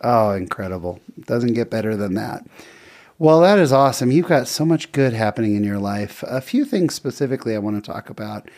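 A middle-aged man hosts a casual interview and keeps his questions lively and encouraging. His voice sits at an ordinary middle pitch for a man. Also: brisk. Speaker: interview host.

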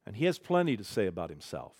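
A man's voice: lowish voice, wildly swooping pitch, fast, a little mellow, breathy edge. A man preaching a sermon as pastor, conversational, with humor and rhetorical questions.

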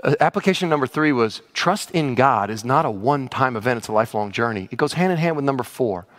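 A man preaching a sermon in an animated, conversational way, with playful asides and direct questions to the congregation. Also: medium pitch, fast talker. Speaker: pastor.

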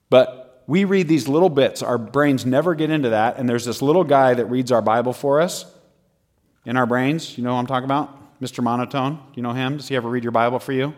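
Male preacher, mid-pitched, chatty and animated, laughing a lot as he goes. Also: a little fast. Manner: energetic and conversational, laughs often between points. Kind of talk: humorous sermon.

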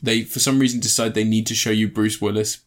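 A man's voice: fairly low pitch, flat delivery, fast. Sweary, rambling man chatting films. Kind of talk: casual film chat.

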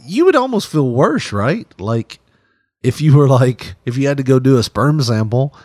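A man's voice: mid-range voice, big pitch swings, moderate pace, a little mellow, no room sound, studio quality. A man co-hosting a podcast, joking crudely and laughing often as he talks. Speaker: podcast co-host. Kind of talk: crude comedic banter.

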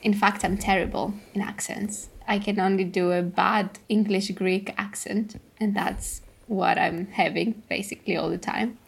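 A woman's voice: medium pitch, fairly even intonation, unhurried, vocal fry, hardly any pauses, husky. A woman guest on a podcast chatting casually, hesitant and giggly. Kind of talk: casual chat.

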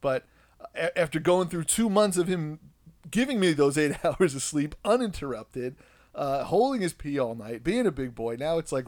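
A man's voice: a little high, normal speed, no room sound. A man in his thirties telling a casual, rambling story as a parent, joking at his own expense. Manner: rambling and self-deprecating, with frequent restarts; animated when acting out quotes. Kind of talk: casual monologue.

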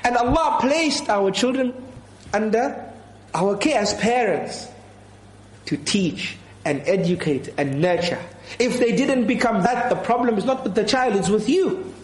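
A man's voice: sits high, lively intonation, a little slow, echoey room, rough recording. A man giving an earnest sermon as a preacher, repeating his key points and quoting scripture.

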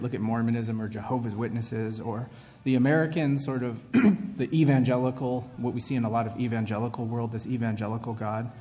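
A man's voice: medium pitch, dark tone. A man preaching a casual sermon in a reverberant hall. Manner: casual, asks "right?" often, self-interrupting. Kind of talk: conversational sermon. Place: large hall with a congregation.

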